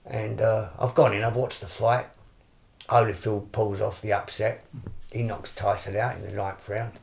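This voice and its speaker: An English man in his fifties, a boxer and podcast guest, telling a story in a lively way with many repeats and restarts. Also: fairly low pitch, moderate pace, gravelly, a little hiss or hum. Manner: animated anecdote-telling with frequent repeats and restarts. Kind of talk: casual storytelling.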